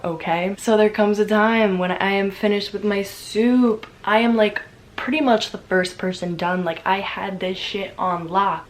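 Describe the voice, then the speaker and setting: A young woman vlogger telling a story in a casual, animated way, with lots of swearing and chatty fillers. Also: mid-range voice, poor audio.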